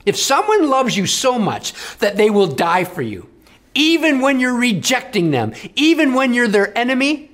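A man's voice: extremely high pitch, sing-song, moderate pace, fairly bright tone. A man preaching a broadcast sermon, impassioned and emphatic, pressing points to the listener. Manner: impassioned, emphatic, rising and falling delivery. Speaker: radio preacher.

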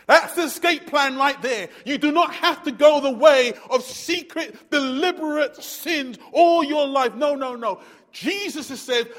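A man preaching a sermon, swinging from hushed to loud and repeating words as he presses his point. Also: very high voice, expressive, unhurried. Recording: long hall reverb.

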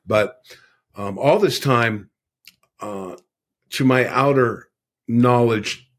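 Taking his time, an older man with a medium-pitched voice relates a lengthy personal tale as a guest on a podcast. His storytelling is conversational, sincere and meandering, packed with filler words.

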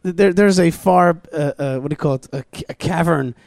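A man hosting a talk show, telling stories in a casual, animated way with many restarts and quoted dialogue. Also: on the high side, a little fast, creaky, dry recording, clean studio sound. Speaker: podcast host. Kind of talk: casual storytelling conversation. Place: outdoors at a plaza.

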